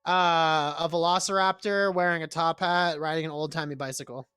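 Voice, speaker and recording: A man's voice: fairly high pitch, steady tone, normal speed, pushed and bright, clean tone, no room sound, clean studio sound. A man in his late twenties from Massachusetts, chatting casually on a stream and telling stories animatedly, laughing and swearing freely. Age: 20s. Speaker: stream co-host. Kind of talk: casual chat.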